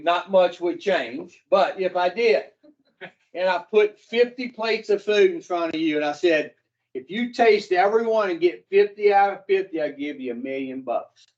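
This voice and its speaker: A man whose voice is fairly high for a man addresses a recovery class at an unhurried pace. The addiction recovery counselor is blunt and profane, constantly firing questions at the group, and the recording sounds dull and lo-fi.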